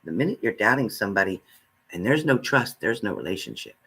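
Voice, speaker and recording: A man's voice: on the low side, sing-song, a little fast, creaky, pushed and bright, breathy edge. A man giving a spiritual reading, speaking earnestly and straight to the listener, repeating his phrases. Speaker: spiritual reader.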